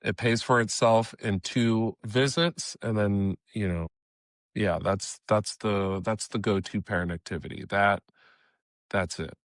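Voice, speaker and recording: Low-voiced man chatting loosely. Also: a little slow, no room sound, clean studio sound. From California. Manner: relaxed, hesitant with many restarts. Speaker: guest comedian. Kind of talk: casual podcast chat.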